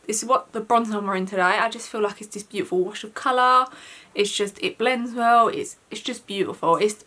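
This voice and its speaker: Bright-voiced woman gushing over products. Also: mid-range voice. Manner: gushing, chatty, full of "like" and "um". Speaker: beauty vlogger. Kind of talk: casual product review.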